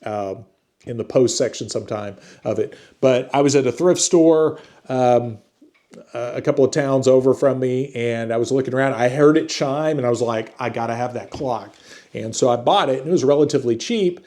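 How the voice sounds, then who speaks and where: A relaxed man talking to his viewers from home in a loose, rambling way. His pitch sits at an ordinary middle level, and he speaks like he is chatting with friends rather than reading a script. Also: normal speed. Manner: relaxed, rambling, conversational with slang like "dude". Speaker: book review channel host. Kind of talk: casual talking-to-camera vlog. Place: at home with a chiming antique clock.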